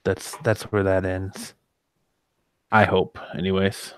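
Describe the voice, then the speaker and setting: A man with a smooth, resonant voice chatting casually as a podcast host. He talks in a relaxed, rambling way. The close mic sounds dry. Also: low-pitched, takes it slowly, no echo. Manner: relaxed, with frequent fillers and restarts. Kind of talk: casual chat.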